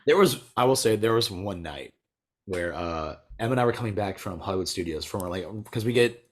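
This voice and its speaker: A young American man chatting casually, telling a rambling story full of "like" and quick laughs. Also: on the low side, expressive. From United States. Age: young adult. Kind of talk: casual chat.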